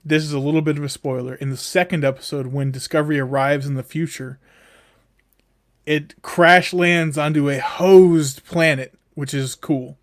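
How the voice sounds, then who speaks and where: A man's voice: on the high side, steady tone, moderate pace, no echo, clean studio sound. A man co-hosting a podcast in casual chat, easygoing and agreeable. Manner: easygoing, agreeable, short replies. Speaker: podcast co-host.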